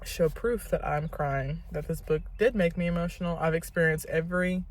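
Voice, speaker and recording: A woman's voice: fairly low pitch, normal speed, poor audio. A young woman chatting casually in a reading vlog, rambling and full of filler words. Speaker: book vlogger.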